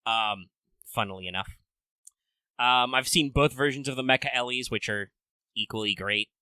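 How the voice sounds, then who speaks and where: Animated bright-voiced man on a podcast. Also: medium pitch, normal speed, clean tone, no echo. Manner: animated, swears, acts out character lines. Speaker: podcast co-host. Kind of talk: casual gaming podcast chat.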